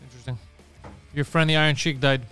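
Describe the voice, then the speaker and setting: A man's voice: on the high side, fairly even intonation, fast, bright, forceful tone, smooth, faint music behind. A man co-hosting a podcast, chatting casually and teasing his co-host. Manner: teasing, steering the talk. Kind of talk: casual chat.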